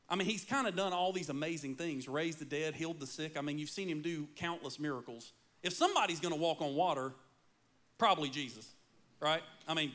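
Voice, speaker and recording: A man preaching a sermon, telling stories with playful asides and animated delivery. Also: on the high side. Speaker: pastor.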